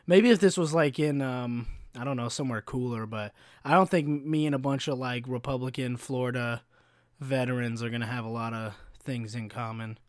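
A man's voice: medium pitch, dry recording, clean studio sound. A young man in his twenties, telling a rambling, profane story on his podcast, with plenty of likes and ums. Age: 20s. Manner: rambling, profane, full of fillers. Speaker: podcast host. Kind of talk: casual storytelling monologue.

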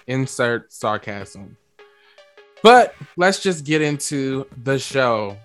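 A man hosting a music and talk radio show, lively and playful, with slang and drawn-out emphasis. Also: fairly high pitch.

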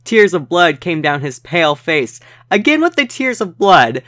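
Guy reading trashy fanfic out loud for laughs, kinda high voice, super dry close mic. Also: normal speed, few pauses, no echo. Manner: deadpan reading, profane asides. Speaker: podcast co-host reading a fanfic aloud. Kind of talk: comedic dramatic reading.

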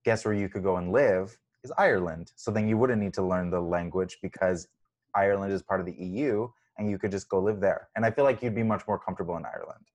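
A man with a fairly low voice co-hosts a podcast. He talks in loose, jokey chat that rambles along with plenty of fillers. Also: steady tone, fast talker, darkish tone. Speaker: podcast co-host. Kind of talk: casual chat.

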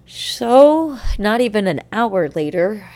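A young woman telling a personal story in a halting, emotional way, close to tears at times. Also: medium pitch, big pitch swings, darkish tone. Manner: halting, emotional, with many restarts.

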